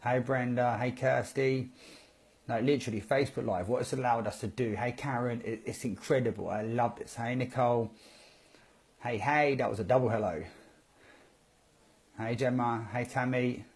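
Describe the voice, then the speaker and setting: An upbeat man hosting a casual live stream, talking straight into his phone or webcam. His pitch sits in an ordinary middle range, and his chatter is loose and rambling, with quick friendly hellos scattered through it. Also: fairly even intonation. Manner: upbeat, greets viewers by name, rambling. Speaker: network marketing presenter. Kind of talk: casual Facebook Live talk.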